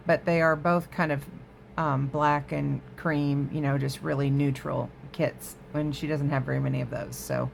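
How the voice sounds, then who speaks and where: A woman's voice: sits low, steady tone, moderate pace, creaky, hardly any pauses, a little hiss or hum. A woman hosting a crafting vlog from her home craft room, chatting casually to viewers and easily sidetracked. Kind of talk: casual show-and-tell chat.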